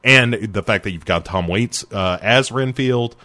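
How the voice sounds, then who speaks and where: A man with a very deep, low voice talks through a film in a casual podcast chat. He is wry and animated, full of quick asides. The sound is dry and close, with no room around it. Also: no room sound. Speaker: podcast co-host. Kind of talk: casual movie review chat.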